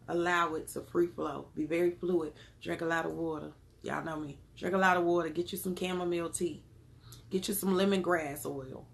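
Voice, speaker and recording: Low gravelly-voiced woman reading cards. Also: fairly bright tone. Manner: affectionate, encouraging, calls viewers beloved; casual and chatty with spiritual talk. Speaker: spiritual card reader. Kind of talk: oracle card reading vlog.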